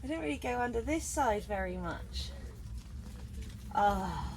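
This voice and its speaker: Excitable woman vlogging in her garden. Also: medium pitch, unhurried, long pauses, slight background noise, low-quality recording. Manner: bursts into squeals of delight at each find. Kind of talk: casual chat while gardening. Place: outdoor garden. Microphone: GoPro camera.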